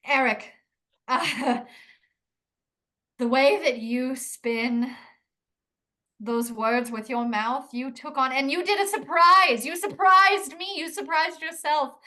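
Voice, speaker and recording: A woman's voice: high voice, slow pace, long pauses, sharp tone. A woman playing an accent coach in an improvised comedy chat, rambling and mock-serious.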